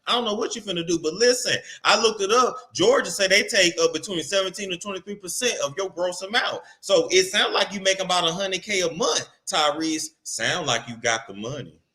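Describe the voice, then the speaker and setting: A man rants about celebrity gossip in a brash, profane, sarcastic way, slipping into playful sing-song repetitions. His voice is very bright and sharp, a touch higher than most men's. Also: brisk, hardly any pauses. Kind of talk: casual rant to camera.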